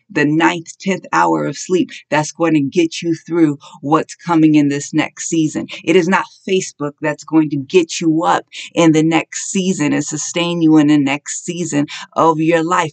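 Preacher, gravelly voice, slow and fervent sermon, repeats commands, peaks in shouts. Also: mid-range voice. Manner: impassioned exhortation, rising to shouts.

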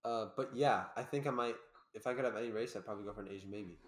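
A young man hosting a casual podcast chat, rambling and breaking into loud laughing bursts. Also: on the low side, very fast, reverberant. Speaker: podcast host.

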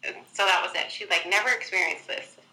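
A woman's voice: fairly low pitch, fairly even intonation, fast talker, sharp tone, rough recording. A young woman telling a personal story in a chatty way, full of filler words, acting out what people said. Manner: chatty, many "like" fillers, acts out quotes. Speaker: guest.

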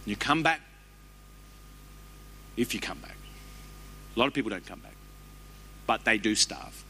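A man, preaching a sermon as a pastor with animated, humorous storytelling. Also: on the low side, a little slow, slight background noise.

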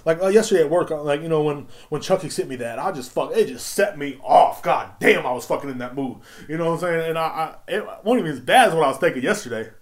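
A man's voice: fairly high pitch, expressive, fast talker, few pauses. A man hosting a solo podcast, ranting in a heated, rambling and profane way. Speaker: podcast host.

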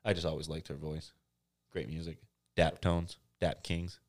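A man's voice: a bass voice, level tone, moderate pace. A man hosting a casual comedy podcast, joking around, laughing often and breaking into silly sung bits. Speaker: podcast host.

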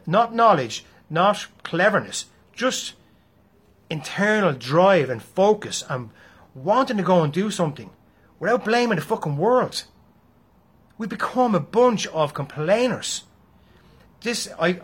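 Blunt husky Irish man. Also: a little high, fairly bright tone. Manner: blunt, profane, hectoring. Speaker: motivational speaker. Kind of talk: motivational monologue.

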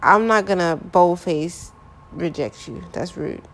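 Frank young woman, slightly low voice. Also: measured pace. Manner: conversational, frank, many filler phrases. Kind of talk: candid personal monologue.

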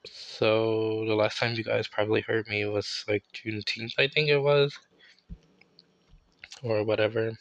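Raspy, tired-sounding man, slow and laid-back. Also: on the low side, level tone, fairly bright tone, no room sound. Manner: laid-back, rambling, self-correcting. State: tired, not feeling well. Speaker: podcast host. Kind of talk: casual solo podcast monologue.

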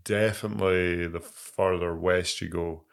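A man's voice: low voice, steady tone, measured pace, vocal fry, clear, resonant tone. A young man co-hosting a podcast, chatting casually with dry, teasing humour. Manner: dry teasing, does mock voices. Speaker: podcast co-host. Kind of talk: casual chat.

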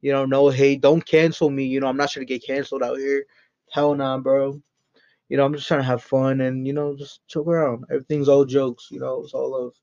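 Hosting a podcast for the first time, this man chats unscripted on his own, wandering through jokes and profanity. His mid-range, darkish voice moves fairly quickly with little change in pitch. The audio is muffled and lo-fi.

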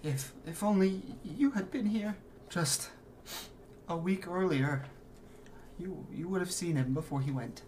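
A grieving middle-aged mother, her voice pushed up high and trembling, stammering between sobs, as a man puts her on. She sounds breathless and overwhelmed, words catching in her throat. There is a faint hiss of room ambience underneath. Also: moderate pace, lightly acted. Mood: anxious grief.

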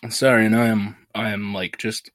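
A man's voice: on the low side, fairly quick, no echo. Podcast guy with a stuffed-up nose, laughs a lot while he talks, dry close sound. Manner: laughing, animated storyteller. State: stuffy with a sinus infection. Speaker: podcast co-host. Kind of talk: casual chat.

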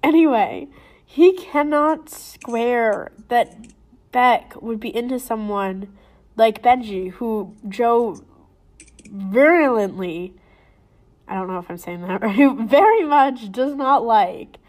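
Slow-talking young woman chatting about a book. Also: a little high, darkish tone. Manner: slow, laughing, teasing. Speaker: podcast co-host. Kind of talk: casual book discussion chat.

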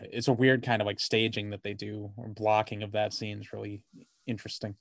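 A man's voice: on the low side, level tone, a little fast, gravelly, dry recording. A man co-hosting a podcast, chatting casually about a movie, rambling with lots of "like" and swearing freely. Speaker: podcast co-host.

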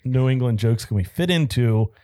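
A man co-hosting a beer podcast in a loose, joking way. He rambles with plenty of ums and uhs and keeps a relaxed, chatty manner. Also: mid-range voice, moderate pace. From southeastern Pennsylvania. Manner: joking, laid-back, lots of fillers. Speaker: podcast co-host. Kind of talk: casual chat.

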